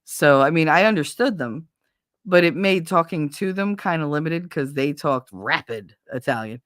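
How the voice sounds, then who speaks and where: A woman's voice: low-pitched, lively intonation, moderate pace, dry recording, clean studio sound. A woman hosting a livestream, telling blunt, profane anecdotes with frequent laughter in casual chat. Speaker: livestream host.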